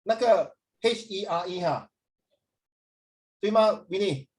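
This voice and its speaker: Male teacher, Singaporean accent, slightly high voice, lively and coaxing in class. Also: slow pace. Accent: Singaporean English. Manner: animated, mixes English and Mandarin, coaxing and emotional.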